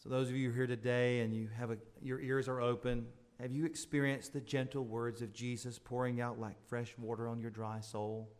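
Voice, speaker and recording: A man preaching a sermon as pastor, swelling into emphatic appeals and dropping into soft, intimate asides. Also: medium pitch, little pitch movement, moderate pace, hardly any pauses.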